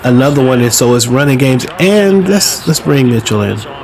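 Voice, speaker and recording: A man giving casual, chatty play-by-play of his own football video game, relaxed and self-mocking, now and then bursting out excitedly. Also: mid-range voice, normal speed, vocal fry. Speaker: podcast host playing a football video game. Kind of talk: casual play-by-play commentary while gaming. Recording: game crowd noise behind the voice. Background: stadium crowd sound from the game.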